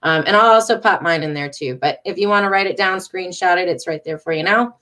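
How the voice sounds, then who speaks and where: A woman's voice: fairly low pitch, brisk, pushed and bright. A woman hosting a live stream, chatting casually, reading viewer comments and laughing often. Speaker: host of a live stream show.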